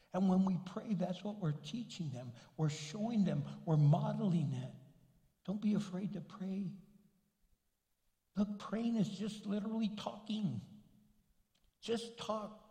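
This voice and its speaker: An older man preaches a sermon in a casual, joking way, with a fairly high voice. His voice rings around a large church hall with a long, echoing reverb. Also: a little slow, pauses often, warm tone. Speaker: pastor.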